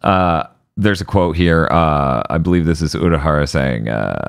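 Podcast co-host, man, low voice, dry close sound, sarcastic exasperated recap delivery. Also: normal speed, clean tone, no room sound. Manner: sardonic, exasperated, swears. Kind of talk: casual comedic recap.

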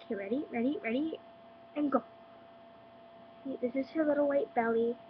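A woman's voice: high-pitched, moderate pace. A teenage girl with a stuffy nose from being sick, chatting at home in a casual vlog full of likes and ums. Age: teens. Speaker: vlogger. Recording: dull lo-fi webcam with hum.

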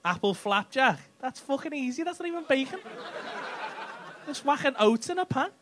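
A man's voice: very high-pitched, lively intonation, normal speed, noisy background. A man doing stand-up crowd work, cheeky and teasing, swearing freely as he chats with people in the audience on a club stage. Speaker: stand-up comedian. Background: faint audience laughter.

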